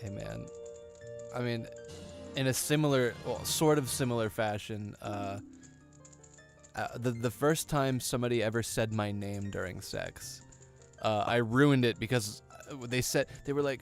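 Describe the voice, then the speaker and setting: Laid-back gravelly guy, casual stream banter, faint music. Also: mid-range voice, unhurried. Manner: easygoing, hesitant with fillers and repeats. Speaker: streamer co-host. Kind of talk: casual crude chat while gaming.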